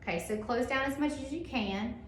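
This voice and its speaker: A woman instructor, demonstrating a procedure to a class in a loud, upbeat teaching voice that she sometimes softens to soothe a patient. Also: high voice, a little fast. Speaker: dental assisting instructor. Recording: echoey room with faint noise.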